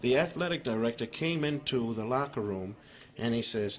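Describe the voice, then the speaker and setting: A man telling stand-up stories live in a rambling, animated way, full of "you know". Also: medium pitch, normal speed. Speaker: stand-up comedian. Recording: dull live album with crowd laughter. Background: audience laughter.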